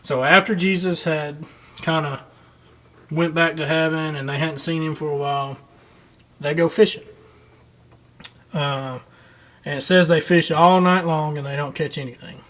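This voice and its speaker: A man's voice: a little high, steady tone, measured pace, pauses often, fairly bright tone. A man teaching a children's Bible lesson, retelling the story in a folksy, conversational way.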